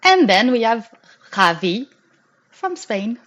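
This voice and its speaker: French woman host, French accent, slow and careful, laughs easily; slightly dull lo-fi sound. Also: fairly high pitch, very animated, a bit bright. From France. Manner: apologetic, laughs often. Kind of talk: live-stream hosting.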